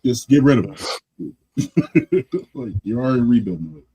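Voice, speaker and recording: A man's voice: medium pitch, expressive, normal speed, warm tone, husky, dull audio. A man with a Philadelphia accent, co-hosting a sports podcast, giving blunt offhand takes in casual chat. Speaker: podcast co-host.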